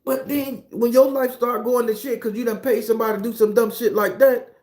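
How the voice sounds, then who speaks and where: A man, a tarot reader, ranting in a casual monologue in a profane, animated, preachy way. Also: extremely high pitch, a little fast, echoey room.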